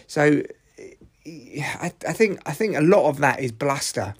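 A man's voice: mid-range voice, normal speed. A man hosting a solo podcast, ranting and swearing freely with frequent restarts. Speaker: podcast host.

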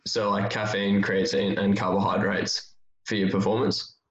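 A man with a lowish voice chats casually about training and fills his sentences with loose fillers. He sounds like he is in a roomy space. The sound is a little muffled and dull. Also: moderate pace. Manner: relaxed, thinks aloud with many fillers. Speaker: strength coach. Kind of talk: casual podcast chat.

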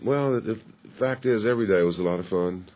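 A low-voiced man talks through a film commentary in a slow, halting way, trailing off and starting over. The recording is dull and muffled, with the top end rolled off. He sounds easygoing as he chats about the shoot. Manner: halting, restarts often, drawls. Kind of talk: relaxed commentary chat.

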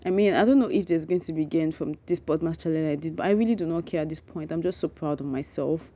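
A woman hosting a solo podcast, rambling and thinking out loud, effusively grateful to her listeners. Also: deep voice, fast. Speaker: podcast host. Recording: dull lo-fi recording.

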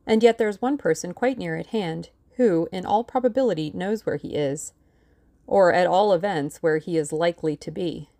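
A woman voicing a shrewd older male lawyer who speaks in a calm, dry, authoritative way. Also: on the low side, normal speed, no echo, close to an everyday voice. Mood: measured.

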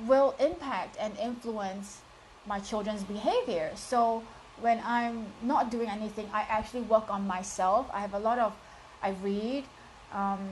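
A woman's voice: mid-range voice, slight background noise, low-quality recording. Earnest mother speaking emphatically. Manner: earnest, emphatic encouragement with frequent fillers. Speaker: stay-at-home mother and community builder. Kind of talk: casual interview talk.

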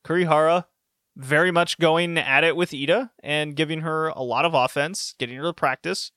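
Male host, casual chat, slightly high voice, quick to laugh, tangents. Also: clear, resonant tone, no echo, studio quality. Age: adult with a university degree. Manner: animated, laughs often, rambling asides. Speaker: podcast host reviewing wrestling shows.

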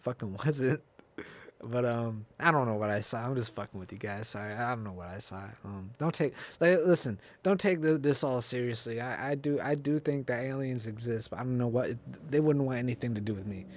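A man's voice: medium pitch, a little fast. Rambling, laughing young podcast host guy. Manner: rambling, profane, laughs often, restarts and off-the-cuff asides. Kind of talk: casual solo podcast rant.

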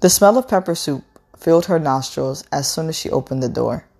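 A woman reading a novel aloud in a measured, unhurried way, with an occasional stumble over a word. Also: deep voice, animated, creaky, darkish tone, slightly rough.

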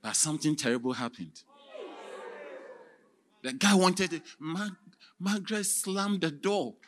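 A man preaching as a theatrical storyteller, with sudden shouts and sound effects. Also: a little high, a little slow, slight background noise. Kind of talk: dramatic sermon storytelling.

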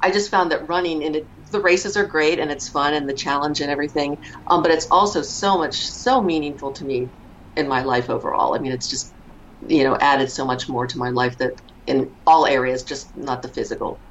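A woman in her fifties with a low voice, speaking as an interview guest. She talks reflectively, often pausing with fillers and restarting her sentences. The recording sounds dull and lo-fi. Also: a little hiss or hum. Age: 50s. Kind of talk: conversational interview.

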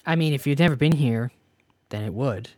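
A man's voice: mid-range voice, fairly quick, dry recording, clean studio sound. A Canadian man co-hosting a podcast, chatting casually and joking with a friend. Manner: joking, animated. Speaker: podcast co-host. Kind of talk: casual chat.

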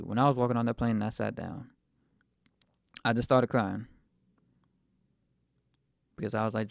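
Young male podcast host, mid-twenties, gravelly, dry close sound, rambling faith testimony. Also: medium pitch, fairly even intonation, moderate pace, long pauses, dry recording. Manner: reflective, rambling with fillers.

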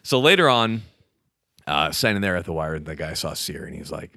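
A man telling military stories in casual chat, animated and profane, laughing often and acting out voices. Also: a bass voice, normal speed, no room sound, clean studio sound. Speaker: podcast guest telling army stories.

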